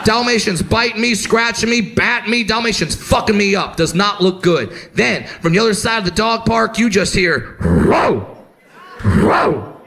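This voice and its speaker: A man doing stand-up, telling a story loudly and excitably and shouting his punchlines. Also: high voice, normal speed, creaky, few pauses. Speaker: stand-up comedian. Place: comedy stage before a live audience.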